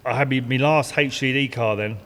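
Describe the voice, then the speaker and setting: A middle-aged man tells racing stories in a loose, meandering way, circling back and repeating himself and swearing now and then. His voice sits at an ordinary middle pitch. The room gives it a long, reverberant tail. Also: fairly even intonation, a little fast, crowd noise. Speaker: guest, retired racing driver. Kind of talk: casual anecdotal storytelling.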